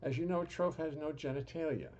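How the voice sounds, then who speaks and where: A man's voice: fairly high pitch, fairly quick, darkish tone, lo-fi sound. A man hosting a live stream from his home music studio, chatting casually with dry humor and rambling restarts. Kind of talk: casual chat.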